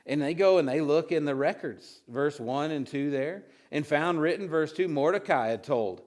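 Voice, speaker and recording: A pastor with a somewhat high, slightly mellow voice speaks at a normal pace, giving a casual, conversational sermon. He reads old scripture and retells it with acted-out voices, frequently restarting and wandering into asides.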